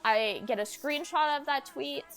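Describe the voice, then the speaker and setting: High-voiced agitated young woman streamer. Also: measured pace, faint music behind. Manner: agitated, swears, acts out quotes in raised voice. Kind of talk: emotional storytime chat.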